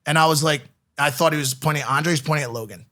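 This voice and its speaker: A man's voice: fairly high pitch, rapid-fire, bright, forceful tone. A man co-hosting a podcast, telling stories casually with lots of swearing and acted-out quotes. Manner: swears a lot, acts out quotes. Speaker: podcast co-host.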